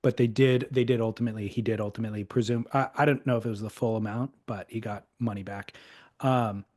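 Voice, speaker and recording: A man's voice: fairly low pitch, fairly even intonation, fast, a little mellow. A man co-hosting a podcast, telling a story in casual chat with fillers. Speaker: podcast co-host.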